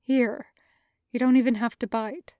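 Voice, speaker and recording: A woman reading a calm soldier commander. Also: a little high, a little slow, no room sound, narrow, tinny audio, natural voice. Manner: calm, soothing. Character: calm, steady soldier commander, gentle man.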